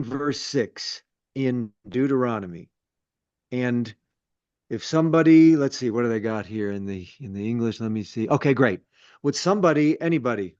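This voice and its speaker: A man's voice: medium pitch, dry recording. Male rabbi, chatty teaching, repeats himself, dry dead sound, lo-fi. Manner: explains at length, self-deprecating asides, repeats words. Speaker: rabbi leading Torah study. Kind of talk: conversational teaching. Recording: dull lo-fi sound.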